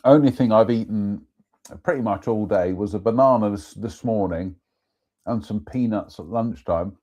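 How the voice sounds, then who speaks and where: A man's voice: on the low side, normal speed, dark tone, highs cut off. A man hosting a live stream, reading ghost stories aloud and chatting with self-mocking asides.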